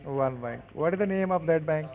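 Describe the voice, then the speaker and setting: A man's voice: a little high, moderate pace. A man cold-calling as a scam caller, speaking in a curt, pushy way with broken phrasing. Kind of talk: scripted phone scam. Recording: tinny phone line.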